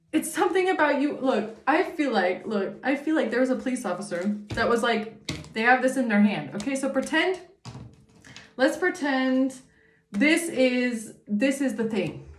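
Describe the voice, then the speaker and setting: A woman's voice: high voice, animated, normal speed, roomy sound. A woman giving a casual tarot reading monologue, blunt and profane, with indignant asides. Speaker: tarot reader.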